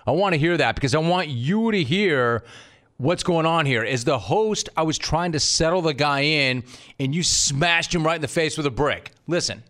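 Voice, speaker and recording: A man hosting a sports talk radio show, riffing in an animated way and mock-scolding his producer. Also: a little high, normal speed.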